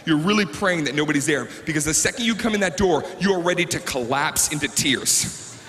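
Animated high-pitched male stand-up comic. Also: fairly quick, big-room sound. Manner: animated, acts out characters and sobs for laughs. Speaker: stand-up comedian. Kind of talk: stand-up comedy routine. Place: stage before a live audience.

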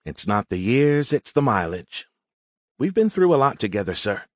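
A man's voice: mid-range voice, sing-song, normal speed, dry recording, natural voice. A male narrator voicing a loyal, wry female sergeant who speaks in a dry, firm way.

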